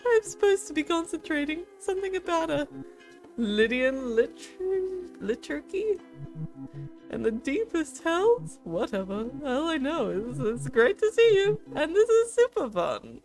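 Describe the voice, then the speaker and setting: A woman's voice: high voice, very animated, a little slow, darkish tone, faint music behind, pitched above the performer's own voice, heavily acted. A woman voicing a bubbly, scatterbrained young female ghost in a game, chatty and easily distracted.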